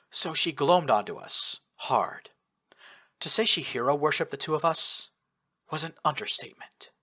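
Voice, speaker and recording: A man narrating a first-person war story in an expressive, lively manner. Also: medium pitch. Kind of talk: first-person audiobook narration of fan fiction.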